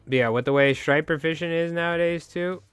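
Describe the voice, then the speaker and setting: A man's voice: a little high, a little fast, fairly bright tone, clear, resonant tone, no room sound, soft background music. A man hosting a casual fly-tying livestream, rambling and joking with some swearing.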